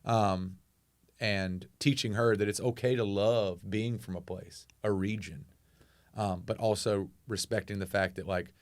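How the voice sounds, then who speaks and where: A man's voice: on the low side, a little slow, no room sound. A man of forty with a Southern US accent, a musician talking candidly in an interview and swearing freely. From North Carolina, US. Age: 40s. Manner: candid, swears freely, animated when telling stories. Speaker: musician guest. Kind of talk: casual interview talk.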